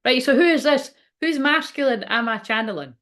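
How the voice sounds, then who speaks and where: A woman's voice: sits high, expressive, a little fast, fairly bright tone. A woman, giving a casual, rambling tarot reading, swearing freely and laughing often. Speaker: tarot reader and medium.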